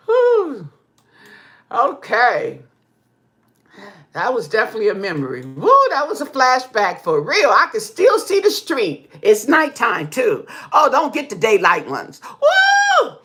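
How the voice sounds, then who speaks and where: A woman vlogger telling stories in casual chat to her viewers, animated, whooping and laughing often, checking in with "okay?" as she talks. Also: a little high. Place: indoor room with pink walls.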